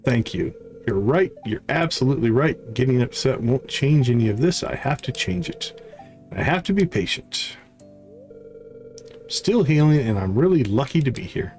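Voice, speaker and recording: A man's voice: mid-range voice, lively intonation, moderate pace, darkish tone, faint music behind, close to an everyday voice. A man reading out the lines of a frail, despairing young villager recovering from illness, in a plain read-aloud way. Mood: remorseful.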